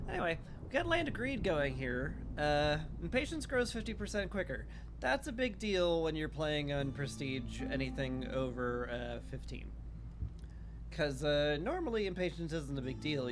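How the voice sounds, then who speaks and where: A man chatting casually over a live strategy game, his voice sitting a bit above the usual male range. He sounds relaxed and dry, dropping frequent "uh" fillers between thoughts. Clear game music plays underneath him throughout. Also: fairly high pitch, moderate pace. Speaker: streamer playing a strategy game.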